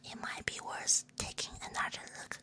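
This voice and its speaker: A woman's voice: normal speed, sharp tone. A young woman VTuber in a playful, giggly whispered role-play on a binaural mic, reading prompts aloud and slipping in Chinese and Japanese phrases. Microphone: binaural 3Dio microphone.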